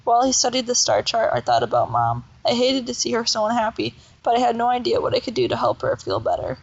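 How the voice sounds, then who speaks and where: A woman reading a children's novel aloud in a steady, plain way with small slips. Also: on the high side, fast talker, highs cut off. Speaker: reader.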